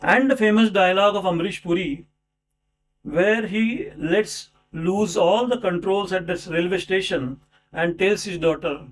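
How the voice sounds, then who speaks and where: A man's voice: high voice, measured pace. A man giving a formal speech at a book launch, introducing an author with rhetorical questions and asides. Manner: rhetorical, with many fillers and asides.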